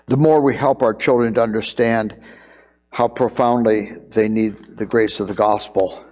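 A man's voice: lowish voice, steady tone, moderate pace, darkish tone, long reverb tail. A middle-aged man preaching a sermon, earnest and emphatic, repeating key phrases as he builds his point. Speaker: pastor.

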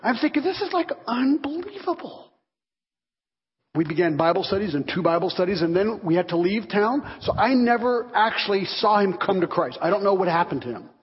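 Speaking briskly in a high, slightly rough voice with hardly any pauses, a man preaches as pastor. He tells animated stories and voices their characters, and the hall recording is dull and reverberant.

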